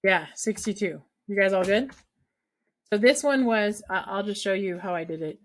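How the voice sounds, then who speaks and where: A woman's voice: mid-range voice, normal speed, slight background noise. A woman teaching a math lesson to her class, explaining a problem step by step in a chatty way and often checking that students follow.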